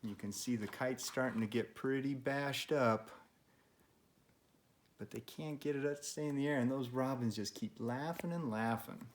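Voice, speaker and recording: A man hosting a children's read-aloud, narrating a story and making gentle, chatty asides to a pet. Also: medium pitch, moderate pace, a little hiss or hum. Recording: roomy, echoey room.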